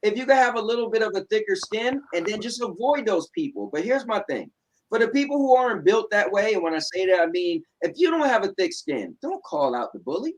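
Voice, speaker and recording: Blunt New Jersey man, high voice. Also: very animated, fairly quick, poor audio. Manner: blunt, sarcastic, repeats "right?". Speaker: show host. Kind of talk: casual chat. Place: home.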